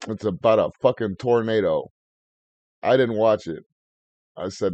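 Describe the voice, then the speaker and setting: A man's voice: fairly low pitch, unhurried, pauses often, dark tone, no room sound, lo-fi sound. A man hosting a podcast in casual, crude, rambling banter. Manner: profane, jokey, rambling. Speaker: podcast host.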